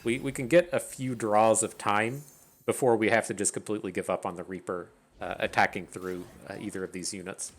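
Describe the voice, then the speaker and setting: A man's voice: fairly low pitch, fairly even intonation, brisk, slight background noise. A man giving casual, rambling commentary on his own card game match, often restarting sentences and mocking his own misplays. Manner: rambling, self-deprecating, stammers and restarts. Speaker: gaming streamer.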